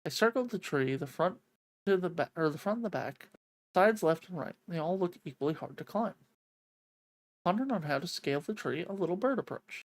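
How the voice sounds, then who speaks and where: A woman reading a visual novel aloud, an expressive reader who breaks off to swear and joke, on a close mic. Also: fairly low pitch, a little fast, no echo. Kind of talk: reading a game's narration aloud with live reactions.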